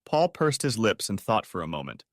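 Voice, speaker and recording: A man narrates a story audiobook with a steady, even storytelling delivery. His pitch is fairly low and his pace normal, and the studio-quality recording is dry.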